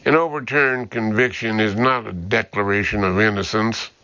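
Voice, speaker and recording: A man's voice: fairly low pitch, steady tone, moderate pace, bright, forceful tone, highs cut off, a little hiss or hum. A man voicing a big investigator with a Cajun drawl, mild and terse, in an audiobook. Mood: guarded.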